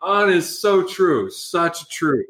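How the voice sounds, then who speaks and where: A man's voice: sits high, big pitch swings, takes it slowly, a bit bright. A middle-aged man, a photographer and entrepreneur, telling rambling, profane, self-mocking stories as a guest in a casual interview. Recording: echoey room.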